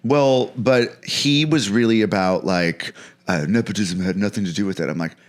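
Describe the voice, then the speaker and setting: A man from Canada, a comedian guest chatting casually, rambling and animated, often restarting his sentences. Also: on the low side, normal speed. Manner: rambling, animated, self-interrupting.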